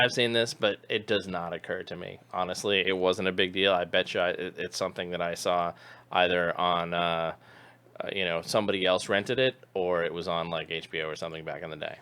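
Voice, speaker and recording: A man's voice: medium pitch, fairly bright tone, smooth. A middle-aged man co-hosting a live stream, chatting casually about old movies in a rambling, chuckling way. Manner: rambling, chuckling, self-correcting. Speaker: podcast co-host.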